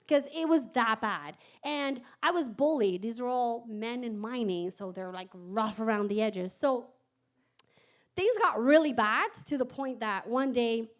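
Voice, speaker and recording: High-voiced woman telling a story on stage. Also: unhurried. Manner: animated, candid, swears and laughs while telling. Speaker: startup founder telling her story. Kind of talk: live stage storytelling talk. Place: event stage before an audience.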